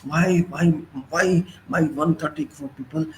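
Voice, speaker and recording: An older man with an Indian English accent and a fairly high voice speaks in a fiery political monologue. He drives his point home with one rhetorical question after another. A faint hiss sits behind him. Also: sing-song, measured pace, creaky, poor audio. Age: 60s. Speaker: political commentator.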